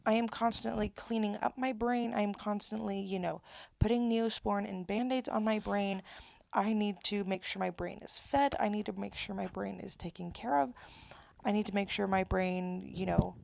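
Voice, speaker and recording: A young woman in her twenties with a gravelly, creaky edge to her voice, venting to camera. She rambles and keeps restarting her thoughts. The sound is close and dry, with no room around it. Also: medium pitch, fairly even intonation, normal speed, a little mellow, no echo. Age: 20s. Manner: rambling, self-interrupting, candid. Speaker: vlogger. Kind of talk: casual confessional monologue.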